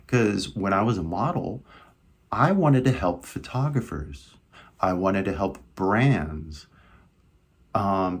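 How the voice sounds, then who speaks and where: A man's voice: on the low side, breathy edge. A young man with a Californian American accent, giving a casual English lesson and talking in a chatty, loose way full of "like" and "right?". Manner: chatty, filler-heavy, lots of "right?" and "like". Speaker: English teacher.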